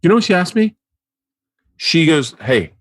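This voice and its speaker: A man hosting a podcast in casual chat, telling rambling, profane, excitable stories into a studio mic. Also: high voice, normal speed, no room sound. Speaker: podcast host.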